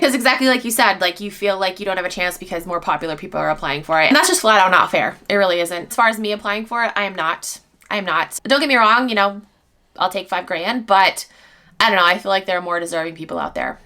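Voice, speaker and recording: A woman's voice: fairly low pitch, sharp tone. A young woman vlogger talking casually and candidly, rambling with frequent fillers. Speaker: reseller vlogger. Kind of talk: casual vlog chat.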